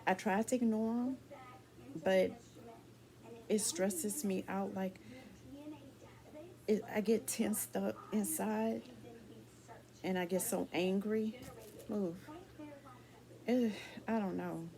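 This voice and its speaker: A woman's voice: medium pitch, fairly even intonation, slow pace, long pauses, mellow. A woman talking candidly and ramblingly in a casual personal vlog to her viewers, asking them for advice. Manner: candid, rambling, dialect speech with restarts.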